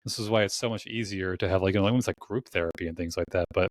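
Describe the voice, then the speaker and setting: Low-voiced casual podcast host man. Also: racing, no echo. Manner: casual and rambling, heavy use of "like". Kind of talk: conversational podcast interview.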